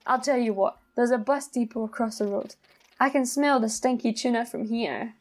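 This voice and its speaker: A woman voicing a gruff, streetwise male raccoon trader in a game. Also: fairly high pitch, moderate pace, close to an everyday voice. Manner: streetwise, bossy.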